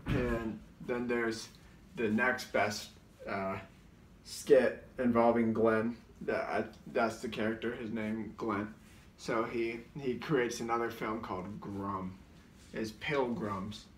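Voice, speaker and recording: A comedian with a low, fairly even voice slowly recounts his sketches in casual, rambling stories, leaning on "like," restarting sentences, and briefly mimicking voices. The distant mic gives a roomy sound with a little hiss or hum.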